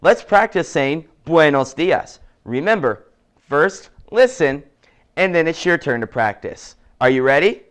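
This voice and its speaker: A man leads a children's language lesson with a slightly high, smooth and clear voice. He talks at an unhurried pace and stretches out each word he wants repeated. He keeps up a steady, encouraging tone toward his young learners. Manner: encouraging, slow and deliberate with drawn-out model words. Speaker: teacher for children.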